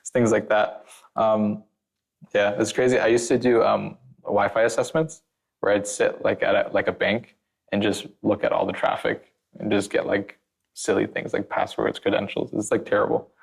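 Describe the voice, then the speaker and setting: A man's voice: fairly low pitch, level tone, normal speed, vocal fry, husky. A man, a former penetration tester, talking as a podcast guest in a casual, rambling way, full of filler words and blunt warnings. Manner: blunt and emphatic.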